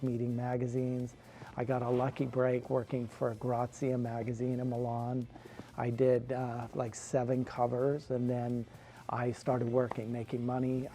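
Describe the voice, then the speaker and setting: A man's voice: medium pitch, dark tone. A man from California, a guest telling long rambling stories in a casual interview, leaning on "like" as he goes. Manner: rambling anecdotes with frequent "like". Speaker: guest, photographer.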